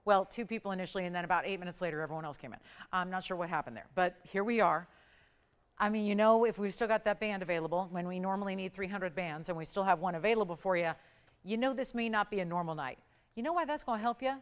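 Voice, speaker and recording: A woman's voice: on the low side, clean tone. Upbeat woman hosting a sales show. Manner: upbeat, salesy, rapid price countdowns. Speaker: shopping channel host. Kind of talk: live TV sales pitch. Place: TV studio.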